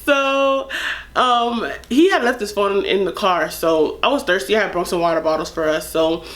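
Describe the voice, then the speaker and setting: Young woman vlogger spilling a storytime, animated and candid, lots of "like". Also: medium pitch, normal speed. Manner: animated, candid, chatty with fillers. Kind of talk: casual storytime.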